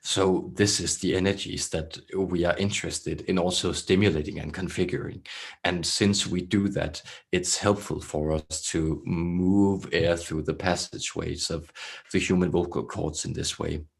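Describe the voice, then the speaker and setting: A man channeling a throaty, deep-voiced alien collective. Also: steady tone, vocal fry. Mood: explaining. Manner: slow, measured, solemn delivery with long pauses. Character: collective alien consciousness speaking as a group, calm and benevolent. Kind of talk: channeled spiritual message.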